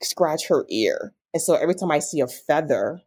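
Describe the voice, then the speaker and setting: A woman's voice: low-pitched, moderate pace, slightly rough. A young adult woman as an interview guest, telling a personal story with feeling and acting out quoted dialogue. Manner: emotional, animated retelling with quoted dialogue.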